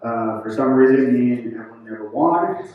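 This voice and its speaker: A man's voice: medium pitch, steady tone, moderate pace, a little hiss or hum. A man speaking casually and hesitantly at a memorial gathering. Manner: casual, hesitant with many uhs. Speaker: speaker introducing his wife. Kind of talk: memorial tribute speech. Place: country club function room. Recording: dull echoey room, distant mic.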